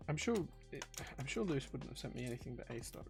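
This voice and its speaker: A man's voice: mid-range voice, sing-song, fast talker, gravelly, music in the background. A man, chatting casually on a live stream while he builds a keyboard. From England. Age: 40s. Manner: chatty, self-deprecating, reads chat aloud.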